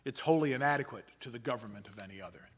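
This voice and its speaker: A man, a pastor, preaching a sermon in a measured, emphatic way and slowing down for quoted passages. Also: medium pitch, a bit bright, husky. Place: church sanctuary.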